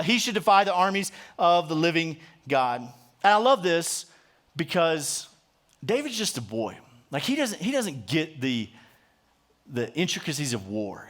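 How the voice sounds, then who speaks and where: A man's voice: high voice, a bit bright. A man pastor preaching a sermon, retelling a Bible story conversationally, with frequent restarts.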